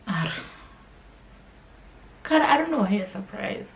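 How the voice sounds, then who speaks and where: A woman's voice: a little high, expressive, moderate pace, vocal fry, pauses often, poor audio. Candid woman telling a personal story. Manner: candid and conversational, emotional at times. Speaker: podcast host.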